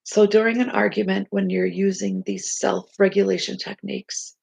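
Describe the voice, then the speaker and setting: Gravelly, husky woman coaching from bed. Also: medium pitch, normal speed, no room sound. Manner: steady, instructive, reading from notes. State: unwell, low energy. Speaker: life coach. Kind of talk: casual self-help talk. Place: bed at home. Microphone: laptop mic.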